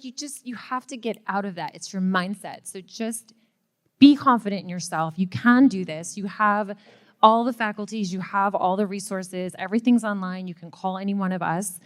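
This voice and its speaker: A woman speaking earnestly on a stage panel, encouraging the audience. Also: medium pitch. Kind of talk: motivational panel talk. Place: event stage.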